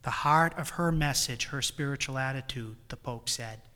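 A man's voice: mid-range voice, normal speed, bright, forceful tone, in a large hall. A man with a New England accent preaching a retreat sermon, swelling emphatically on key phrases. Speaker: priest leading a retreat.

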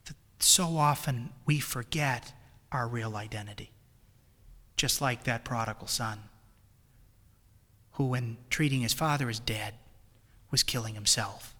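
A man's voice: medium pitch, a bit bright, big-room sound. A man with a New England accent preaching a retreat sermon, swelling emphatically on key phrases. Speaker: priest leading a retreat.

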